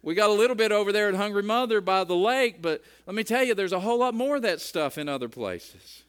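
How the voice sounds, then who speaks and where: A man's voice: sits high, lively intonation, quick pace, fairly bright tone, clear, resonant tone. A middle-aged man preaching a sermon in a conversational way, often repeating words as he starts a phrase. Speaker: pastor.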